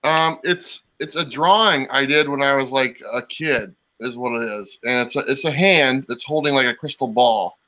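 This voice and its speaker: A man joining a casual comic livestream as a guest, easygoing and quick to laugh. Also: mid-range voice, sharp tone. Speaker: guest collector.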